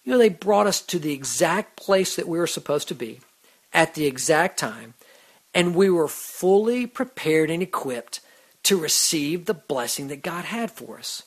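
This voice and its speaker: Expressive and fairly high-pitched, a man on a Christian radio program shares casual devotional thoughts at a moderate pace. He's earnest about faith, though his delivery is loose, filled with "you know" and restarts.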